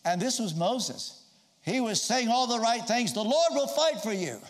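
Lively high-voiced man preaching. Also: measured pace. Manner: storytelling, acting out quoted voices. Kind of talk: sermon.

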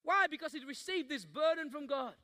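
A man's voice: very high voice, animated, brisk, sharp tone. A man preaching a passionate sermon, acting out Bible scenes with rising intensity before leading the congregation in prayer. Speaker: pastor.

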